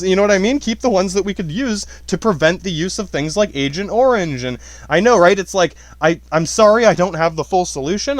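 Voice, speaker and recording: A man's voice: high-pitched, no echo. A man hosting a podcast, talking in a rambling, casual way with many restarts and casual swearing. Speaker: podcast host. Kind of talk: casual spoken commentary.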